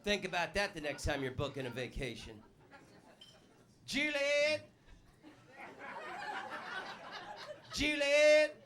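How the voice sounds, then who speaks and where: A man performing a stand-up comedy set in a club, with a loud, punchy delivery. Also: mid-range voice, lively intonation, quick pace, slight background noise. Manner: loud punchy delivery, puts on voices for jokes.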